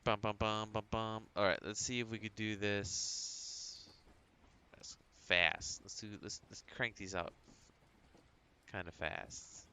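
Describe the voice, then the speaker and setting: A man on a livestream talking through his drawing steps in a relaxed, chatty way, thinking aloud and humming to himself at a home computer. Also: on the low side, slow, a little hiss or hum. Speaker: livestreaming artist. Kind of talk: casual tutorial narration while drawing.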